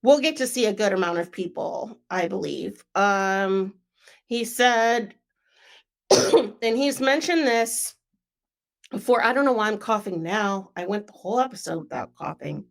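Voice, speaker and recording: A young woman co-hosting a sports podcast, chatting casually and filling pauses with "um" and "like". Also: mid-range voice, expressive, vocal fry. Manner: chatty, frequent "um" and "like" fillers.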